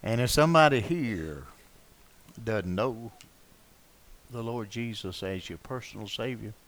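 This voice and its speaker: An older man preaching a sermon, telling rambling anecdotes full of uh fillers and swinging between loud and soft passages. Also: mid-range voice. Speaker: pastor. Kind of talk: sermon with folksy storytelling.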